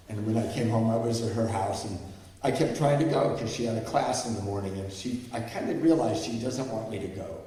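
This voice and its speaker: A man's voice: on the low side, dark tone. A middle-aged man speaking as a guest at a recovery meeting, telling a personal story in a candid, self-deprecating way. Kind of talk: personal story told to an audience. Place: large hall with an audience. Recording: echoey hall, mic heard from far off.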